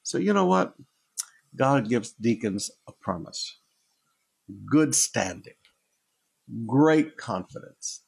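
Man, pastor, sermon, gravelly, husky, reads verses then explains. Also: medium pitch, darkish tone. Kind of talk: sermon teaching on scripture.

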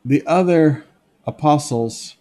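Slow and warm, with a fairly high pitch, a male pastor teaches a Bible passage one verse at a time. He preaches in an emphatic, conversational way, regularly breaking off to direct listeners with "notice" and "okay?" as he sketches on a board.

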